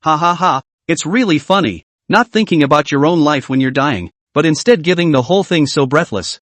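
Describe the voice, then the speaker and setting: A man voicing a cold, aloof male senior cultivator who speaks unhurried and disdainful. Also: fairly high pitch, expressive, dry recording, lightly acted.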